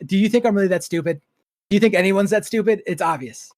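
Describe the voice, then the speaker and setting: A man chatting as a podcast guest, blunt and animated, swearing as he acts out a story. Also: high voice, quick pace, no room sound. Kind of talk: casual podcast chat.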